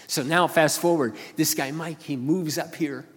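A middle-aged pastor preaching in a church hall, his fairly high voice spinning stories and then swelling into loud appeals. A long reverb hangs after his words. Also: moderate pace, hardly any pauses. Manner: storytelling, swings to loud preaching. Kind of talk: sermon.

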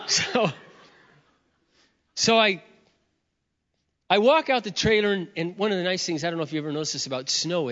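A middle-aged man preaching a sermon, telling a personal story in an expressive, animated way, his voice surging loud and dropping low. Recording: dull sound, long reverb of a hall.

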